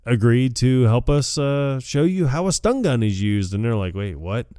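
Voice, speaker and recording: A man's voice: mid-range voice, normal speed, clean tone, dry recording, studio quality. Laughing man recapping a movie. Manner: laughs often, acts out quotes in animated voices. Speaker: podcast co-host. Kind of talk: casual chat recapping a movie.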